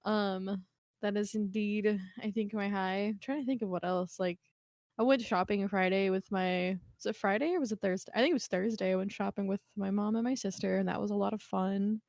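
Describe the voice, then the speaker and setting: A woman's voice: mid-range voice, fairly even intonation, brisk, darkish tone, no room sound, studio quality. A woman co-hosting a podcast, chatting easily about her week. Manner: chatty, easygoing storytelling. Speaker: podcast co-host. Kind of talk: casual podcast chat.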